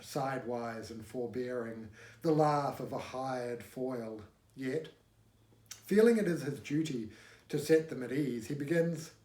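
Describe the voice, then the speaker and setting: A man reading a novel aloud in a measured, wry narrating voice, recorded at home. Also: mid-range voice, expressive, a little mellow. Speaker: audiobook reader. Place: home room. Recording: echoey room.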